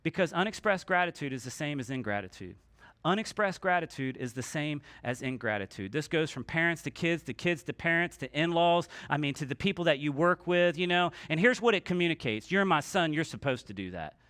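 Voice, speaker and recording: A man with a high voice preaches a sermon in a church, talking casually and slipping into little voices for the people in his stories. The sound is dry and close. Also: lively intonation, brisk, a bit bright, dry recording. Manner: conversational, acts out quoted voices, asks the congregation to repeat lines. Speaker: pastor. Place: church sanctuary.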